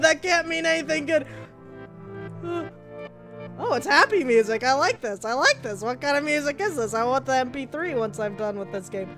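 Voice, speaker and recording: High, bright, excitable woman gamer. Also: normal speed, faint music behind. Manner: excitable, shrieks at jump scares. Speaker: gaming channel host. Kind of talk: let's play commentary.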